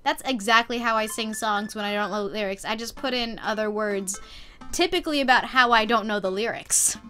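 A woman's voice: fairly high pitch, fairly quick, pushed and bright, soft background music. A woman hosting a let's play, chatting playfully and casually to her viewers. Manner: playful and chatty, sings off-key snippets. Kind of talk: casual gameplay commentary.

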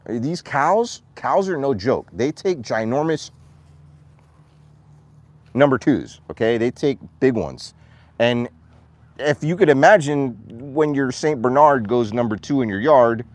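Man, casual vlog chat, outdoors on a farm, rambling, lively pitch. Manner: rambling, repeats himself, casual swearing. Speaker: vlogger.

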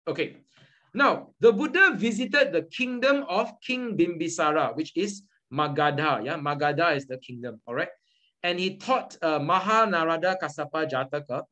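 A young man teaching an online Buddhist study group speaks with a Malaysian English accent in a slightly high, expressive voice with a sharp tone, at a moderate pace. He lectures patiently, repeats points often and keeps saying "okay" and "all right," heard through poor video-call audio.

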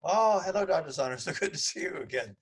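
A man voicing a polite, strict male restaurant owner with a courteous, clipped manner, higher than his own voice. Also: animated, fast, slightly rough.

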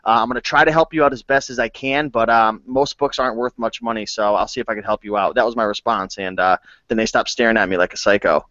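A man who is a guest on a casual chat show, telling stories in an animated way over a video call. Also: on the low side, no room sound. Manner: quick, animated storytelling. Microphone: video call webcam. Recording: dry, dull webcam audio.

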